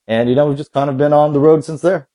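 A man from California, a guest on a podcast, explaining things in a relaxed, easygoing way. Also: on the high side, quick pace. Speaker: guest, business founder. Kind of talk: casual interview chat.

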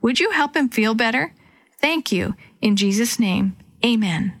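Eager young girl sleuth in a storybook, read by a woman, earnest, fairly high voice. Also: lively intonation, unhurried. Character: determined young girl detective.

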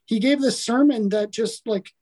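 Earnest, mellow-voiced Midwestern-raised man. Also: very high-pitched, moderate pace. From Milwaukee, Wisconsin, USA. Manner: earnest and animated, with frequent restarts. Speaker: podcast guest, author and coach. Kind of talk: casual personal testimony in an interview.

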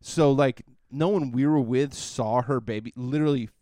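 A man's voice: mid-range voice, moderate pace, warm tone, dry recording, studio quality. A man co-hosting a podcast, telling a crude bar story in a rambling, filler-heavy way. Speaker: podcast co-host. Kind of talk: casual chat.

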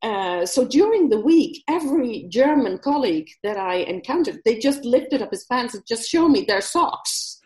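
A woman guest telling a story in a casual interview, animated, laughing often and mimicking accents. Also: a little high, normal speed, hardly any pauses, echoey room. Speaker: guest speaker.

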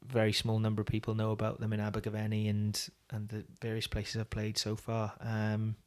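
A man's voice: on the low side, completely flat delivery, a little fast. A British man, a worship singer-songwriter, talking casually and rambling in a podcast interview with lots of ums. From Britain.

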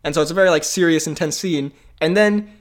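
A man's voice: a little high, quick pace. A young man co-hosting a podcast in casual chat, rambling and laughing often. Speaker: podcast co-host.

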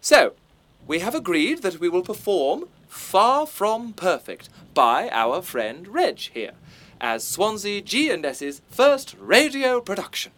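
Pompous posh director, lecturing, self-important, swooping pitch. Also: male voice, big pitch swings, takes it slowly, fairly bright tone, heavily acted. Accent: posh English. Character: pompous, bossy middle-aged male director. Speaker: amateur theatre director.

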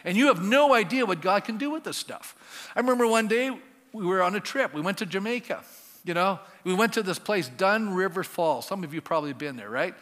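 Animated pastor preaching. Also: male voice, sits high, a little fast, big-room sound. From Canada. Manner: animated, conversational, asks the congregation questions. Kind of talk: sermon.

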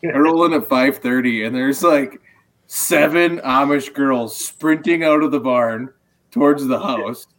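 A man's voice: mid-range voice, unhurried. A man telling a profane, laid-back story in casual podcast chat. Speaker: podcast co-host.

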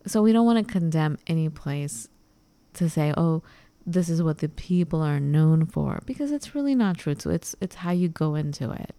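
A woman with a deep voice co-hosts a podcast, talking casually at a normal pace and animatedly acting out the quoted speech of people in her story. The audio has no echo.

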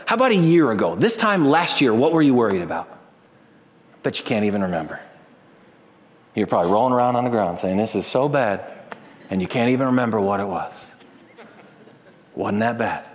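A man preaching a sermon as a pastor, animated, swinging between loud emphasis and hushed tones. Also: mid-range voice. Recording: long reverb of a large hall.

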